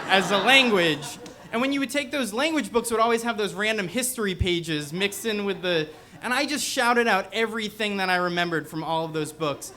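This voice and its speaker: A man's voice: high voice, sharp tone, slight background noise. A young man telling a personal story on stage to a live audience, in a casual, rambling way full of "like" fillers. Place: bookstore event before a live audience.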